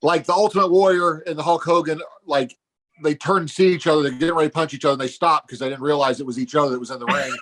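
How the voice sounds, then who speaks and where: A man's voice: on the high side, steady tone, fast, fairly bright tone. A man co-hosting a podcast, riffing jokes in casual chat. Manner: joking, riffing with mock quotes. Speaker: podcast co-host.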